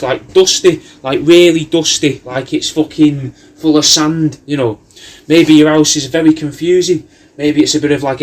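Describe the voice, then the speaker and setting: A man, hosting a comedy cameo and riffing in a meandering, sweary monologue. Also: fairly high pitch. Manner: meandering, sweary, riffing loosely with lots of "mate". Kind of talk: rambling comic monologue.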